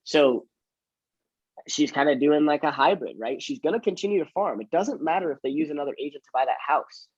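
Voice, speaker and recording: A man's voice: a little high, animated, fairly quick, darkish tone, husky, dry recording, muffled recording. A man who works in real estate, chatting casually and teaching, self-mocking and acting out his door-knocking lines. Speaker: real estate agent and trainer.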